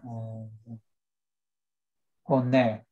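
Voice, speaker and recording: Slow, husky man student. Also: mid-range voice, flat delivery, muffled recording. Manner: slow, hesitant reading.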